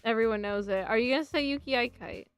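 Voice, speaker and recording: Woman streamer playing a game, kinda high voice, giggly and chatty, reads the text out loud. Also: quick pace, smooth, faint music behind. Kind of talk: casual let's-play commentary.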